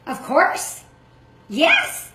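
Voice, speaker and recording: An older woman hosting a cooking demonstration, chatty and quick to explain each step. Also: very high voice, huge pitch swings, pushed and bright, echoey room. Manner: chatty, self-described fast talker. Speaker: cooking show host.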